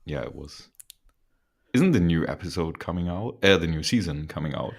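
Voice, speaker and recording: Deep-voiced teasing man, tipsy. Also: animated, vocal fry. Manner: playful, teasing, quick to laugh. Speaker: podcast co-host. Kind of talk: casual podcast chat.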